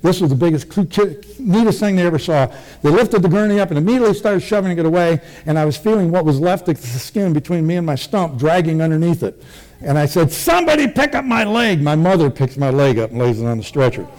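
A man's voice: a little high, quick pace, dark tone. An older man, a military veteran, recounting his past in a rambling, vivid oral-history style with many restarts.

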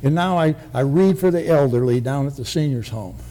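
A man's voice: mid-range voice, expressive, brisk, mellow, natural voice. A man doing a boastful talking dog. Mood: bragging. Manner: bragging, easygoing. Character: boastful talking dog, male, tall-tale teller.

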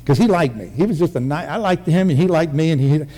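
A man's voice: fairly high pitch, fast, dark tone. Older man telling a rambling story. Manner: rambling and vivid, with many restarts. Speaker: military veteran recounting his past. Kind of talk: oral history storytelling.

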